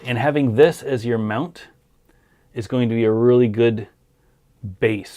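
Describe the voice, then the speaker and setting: A man's voice: fairly low pitch, vocal fry, a little mellow. A man hosting a casual livestream, answering viewer questions in an easygoing, hesitant way, tired and losing his voice. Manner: easygoing, hesitant with many ums.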